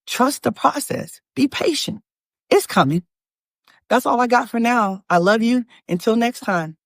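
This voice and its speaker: A woman with a fairly high voice gives a motivational talk on her own channel, preachy and animated, calling her viewers y'all. She restarts her sentences often. Her voice sounds close and dry, with no room around it. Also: measured pace, gravelly, no room sound. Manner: frequent restarts and fillers. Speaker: manifestation coach and channel host.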